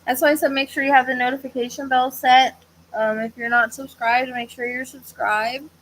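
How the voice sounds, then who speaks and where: A woman's voice: sits high, level tone, moderate pace, a bit bright, a little hiss or hum, poor audio. A woman hosting a psychic livestream, chatting casually in a tired, hesitant, rambling way with many fillers, yawning at times. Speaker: psychic medium livestream host. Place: at home with a fan running.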